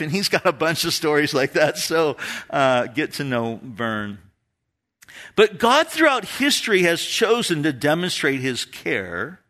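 A man pastor delivers a sermon in a fairly high, bright voice that swings up and down with feeling. He tells stories in an animated way and laughs along with them, speaking to a church congregation. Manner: storytelling, animated, laughs at his own stories.

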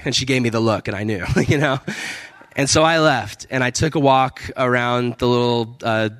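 A man's voice: medium pitch, expressive, a little fast, a bit bright, dry recording. A young man, a missionary, giving an earnest personal testimony at a church service, casual with many fillers and restarts and frequent laughs. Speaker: missionary speaker.

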